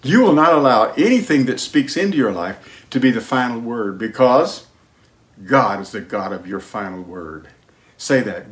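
A man preaches a sermon with an emphatic, dynamic delivery, swinging from strong declarations to hushed asides. His voice sits at an ordinary male pitch. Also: lively intonation, normal speed. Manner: emphatic preaching, shifts between loud and hushed; sings hymn lines. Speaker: pastor.

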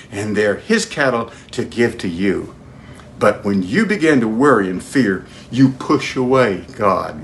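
A man preaches, questioning his audience directly as he alternates between loud, emphatic stretches and quiet, low-voiced prayer, with slight noise in the background.

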